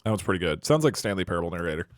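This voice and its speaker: A man's voice: low-pitched, sing-song, rapid-fire, dry recording. A man streaming live, chatting casually and thinking aloud with frequent restarts.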